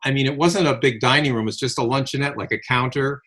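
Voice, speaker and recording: A man's voice: mid-range voice, fast talker. Older man telling stories casually. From Connecticut, USA. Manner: animated anecdotal storyteller, acts out quoted voices. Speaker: podcast co-host. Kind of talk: casual reminiscing storytelling.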